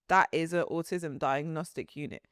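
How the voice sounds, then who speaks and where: A young woman co-hosting a podcast in casual chat, animated and laughing often as her sentences tumble out. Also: deep voice, moderate pace, clear, resonant tone, no echo, studio quality. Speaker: podcast co-host.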